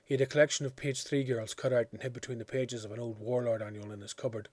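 A man narrating a literary story in a measured, quiet, reflective way. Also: mid-range voice, little pitch movement. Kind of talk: audiobook reading of a literary story.

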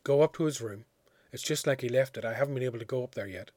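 A man reading aloud, voicing a grieving mother who speaks softly and gently in a hushed voice. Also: mid-range voice, quick pace, dry recording, close to an everyday voice. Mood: gentle. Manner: soft, hushed.

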